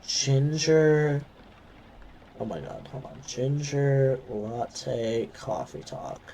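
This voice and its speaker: A man's voice: medium pitch, animated, drawn-out words, vocal fry, low-quality recording. A man streaming a game live, muttering exasperated reactions to himself. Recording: loud background noise.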